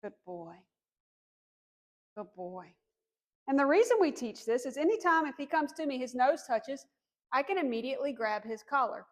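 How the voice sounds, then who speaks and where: A woman dog trainer calmly explaining commands during a demonstration, encouraging and firm on cues. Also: sits high, a little fast. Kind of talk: instructional demonstration.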